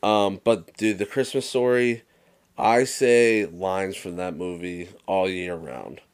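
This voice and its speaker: A young man with a very low voice co-hosts a casual podcast. He tells stories with animated energy, swears freely and slips into quoted movie lines. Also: slow pace, smooth. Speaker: podcast co-host. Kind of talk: casual chat.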